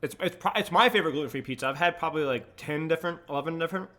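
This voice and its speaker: A young adult man streaming from home at a desk mic, breaking down match plays in quick analytical commentary, then chatting with viewers in a relaxed way. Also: fairly high pitch. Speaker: streamer and coach. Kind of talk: casual match analysis and chat. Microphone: desk microphone.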